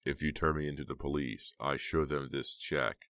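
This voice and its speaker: Audiobook: very deep-voiced man as a cold, smug teen villain, slow and dry. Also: dry recording. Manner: calm, cold, self-satisfied. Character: smug, menacing teenage boy killer. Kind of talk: audiobook character voice.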